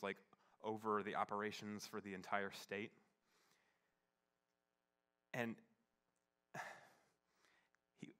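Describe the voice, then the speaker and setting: A young adult man, a pastor, telling a personal story in a sermon, halting and full of fillers, turning hushed as it grows tender. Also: fairly low pitch. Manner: halting, many fillers, shifts from playful to hushed and tearful.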